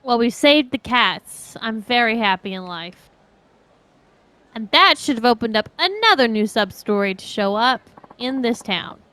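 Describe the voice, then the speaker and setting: A woman's voice: on the high side, animated, a little slow, pushed and bright, clear, resonant tone, dry recording. A woman co-hosting a live game stream, chatting casually, joking crudely and sharing trivia.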